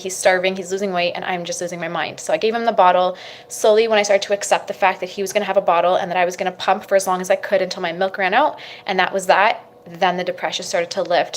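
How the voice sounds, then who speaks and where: A woman's voice: on the low side, a little hiss or hum. A young woman, a mother, candidly telling her personal story to camera, with frequent fillers. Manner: candid, emotional at times, many fillers like "like".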